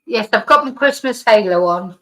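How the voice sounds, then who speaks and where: A woman's voice: medium pitch, animated, moderate pace, a bit bright. A middle-aged woman with a slight lingering cough, hosting a live stream in rambling, casual chat as she reads out viewer comments. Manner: rambling, chatty, with frequent restarts and laughs.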